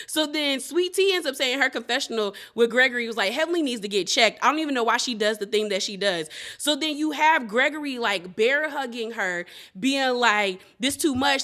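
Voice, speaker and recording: A woman hosting a casual reality TV recap, talking animatedly and acting out what the cast members said. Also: high-pitched. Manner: animated, laughing, quotes cast members in playful voices.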